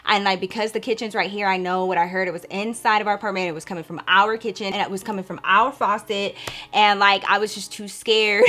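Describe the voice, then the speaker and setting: A young woman vlogger telling a ghost story to her viewers in casual, animated chat, swearing freely and calling them y'all and girl. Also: medium pitch, a little fast.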